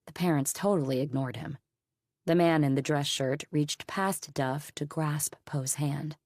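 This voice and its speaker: A woman narrating a mystery audiobook in a steady, even storytelling manner. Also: sits low, unhurried, no room sound, studio quality.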